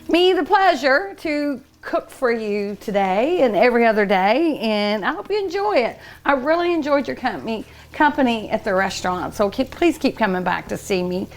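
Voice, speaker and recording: A woman's voice: a little high, very animated, normal speed, slight background noise. A middle-aged woman hosting a cooking show from a restaurant kitchen, chatting eagerly and emotionally with her viewers while she cooks and tastes. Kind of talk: casual cooking show chat.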